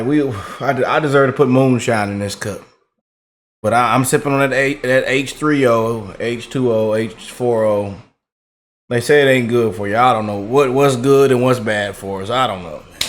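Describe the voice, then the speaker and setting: Male vlogger, easygoing rambling delivery, middle pitch, sprinkles in "man" and "y'all". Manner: laid-back, drawling, repeats "man" and "y'all". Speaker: political commentary vlogger. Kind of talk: casual rambling commentary to viewers.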